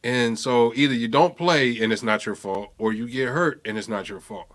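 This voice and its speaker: Man, casual sports chat, animated, storytelling, swears, does impressions. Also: mid-range voice, normal speed. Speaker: podcast co-host.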